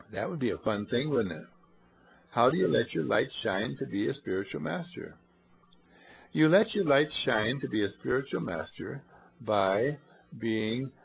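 Gravelly male preacher, mid pitch, rambling sermon delivery that acts out little dialogues. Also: low-quality recording. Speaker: spiritual teacher.

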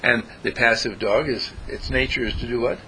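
A man giving an informal spiritual talk, animated and acting out voices as he goes. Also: medium pitch, normal speed, slight background noise, rough recording. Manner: animated, acts out voices, chuckles often.

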